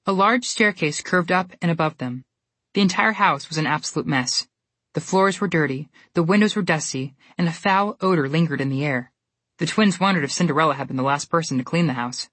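A woman with a low voice narrates a storybook, reading in a steady, even way. The recording is close and dry, with no room around her. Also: brisk, dry recording.

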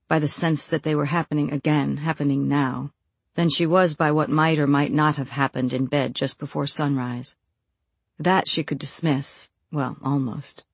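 A narrator reads a novel in a steady, measured way, letting quoted lines drop a little softer. The sound is close and dry, with no room around the voice, and the pitch sits in a middle register. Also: dry recording. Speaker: audiobook narrator. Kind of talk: scripted narration.

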